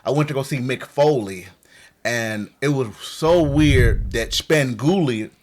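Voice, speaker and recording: A man's voice: mid-range voice, a little slow, a little mellow. A man telling loose, easygoing stories as a podcast guest. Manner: easygoing, loose storytelling with fillers. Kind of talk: casual podcast chat.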